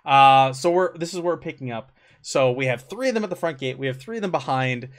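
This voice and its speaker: Game master, average-pitched man, relaxed rambling narration. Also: fast. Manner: casual, rambling, with fillers.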